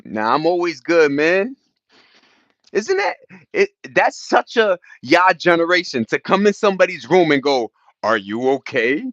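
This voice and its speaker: A man's voice: high voice, big pitch swings, a little slow, no room sound. Chatty New man on a livestream. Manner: loose and chatty, shouting out viewers, bursts of laughter. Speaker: livestream host. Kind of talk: casual livestream chat. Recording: dull lo-fi sound.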